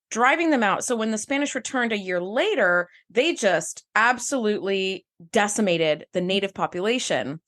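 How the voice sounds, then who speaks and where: A woman co-hosting a podcast in casual chat, blunt and quick to swear. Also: medium pitch. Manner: blunt, swears freely, animated outbursts. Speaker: podcast co-host.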